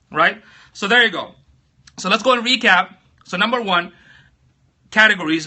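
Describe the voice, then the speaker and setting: A man's voice: sits high, bright, forceful tone. A chatty, upbeat man hosting a casual live-stream tutorial on his phone, greeting viewers by name as he talks. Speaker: live-stream host giving tips.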